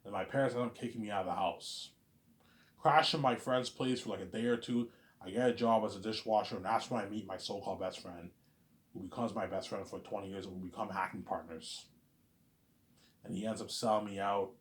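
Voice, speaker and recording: A man with a lowish voice tells a long story off the cuff, rambling from one scene to the next. He stumbles and repeats himself, tagging his sentences with the same filler again and again. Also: steady tone, fairly quick. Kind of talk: casual spoken storytelling.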